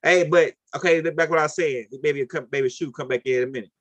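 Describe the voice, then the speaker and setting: A man with a New Orleans accent talks through his ideas in a loose, rambling way, keeping his listeners with him by asking "right?" over and over. His voice sits a little high. The sound is dry and close, with no room echo. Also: fast, a bit bright. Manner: rambling, repetitive, with frequent "right?". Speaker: host of a call-in talk. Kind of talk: casual lecture.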